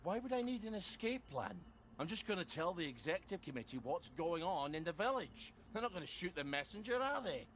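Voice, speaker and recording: A man's voice: high-pitched, big pitch swings, a little fast, a bit bright, a little hiss or hum, full character voice. An actor with a Scottish accent playing a sardonic man on the run in a video game, trading dry quips. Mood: wry.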